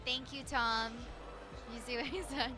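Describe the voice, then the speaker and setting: Giggly high-voiced woman from northern China. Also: fairly even intonation, unhurried, music in the background. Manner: giggly, playful. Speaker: guest on stream. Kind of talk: casual chat.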